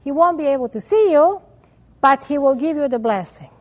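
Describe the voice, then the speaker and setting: A woman's voice: high-pitched, expressive, moderate pace. A woman voicing a worried but determined mother who urges her son on, in an insistent storytelling voice. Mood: urgent. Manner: urgent and insistent.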